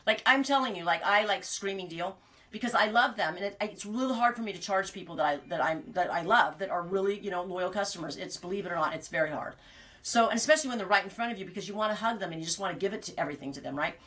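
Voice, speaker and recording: Bright, chatty woman podcast host. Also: mid-range voice. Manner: rambling and animated, laughs at her own jokes. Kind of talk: casual chat.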